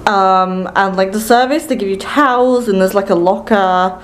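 A woman's voice: mid-range voice, normal speed, rough recording. A young woman talking to the camera in a casual travel vlog, chatty and upbeat, rambling with lots of fillers. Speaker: travel vlogger. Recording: faint background noise.

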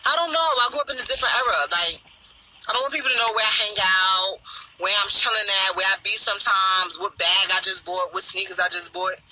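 A middle-aged woman with a deep voice, ranting bluntly and profanely on a talk show panel, firing off mocking repeated questions. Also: fairly even intonation, fairly quick, bright, forceful tone, a little hiss or hum, poor audio. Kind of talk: casual chat, ranting.

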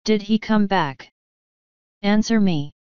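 A woman's voice: mid-range voice, slow, darkish tone, clear, resonant tone, dry recording, muffled recording, lightly acted. A woman voicing a middle-aged farm mother who speaks urgently and demandingly. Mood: frantic.

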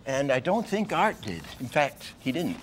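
An older man gives an animation lesson in a mid-range voice. He tells lively stories from his work, often breaks off to act out a line, and restarts his sentences as he goes. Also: medium pitch, moderate pace, slight background noise. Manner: lively storyteller, acts out lines, many restarts. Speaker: animation teacher. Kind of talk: lecture with acted-out examples.

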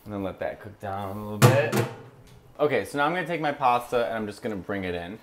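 A man with a slight Chicago accent walks through a pasta recipe in a home kitchen, chatty and relaxed. He explains every step as he goes and tosses in playful mock-foreign phrases. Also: lowish voice, fast, very noisy. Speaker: guest cook. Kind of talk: casual cooking demonstration.

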